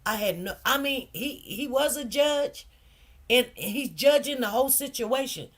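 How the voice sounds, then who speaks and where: High-voiced woman telling an emotional story. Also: lively intonation, measured pace. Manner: emotional, repetitive, speaks straight to viewers. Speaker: host of a news commentary channel. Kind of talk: personal storytelling commentary.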